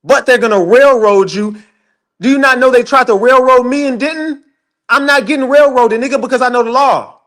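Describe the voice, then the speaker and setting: A high-pitched man, mid-rant on a livestream. He talks in a heated, profane, emphatic way and answers his chat directly. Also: a little fast, a bit bright. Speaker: livestream commentator.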